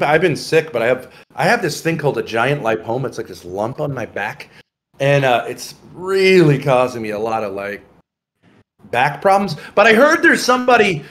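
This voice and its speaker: A middle-aged man, a guest in casual livestream chat, rambling and halting with many restarts. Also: a little high, a bit bright.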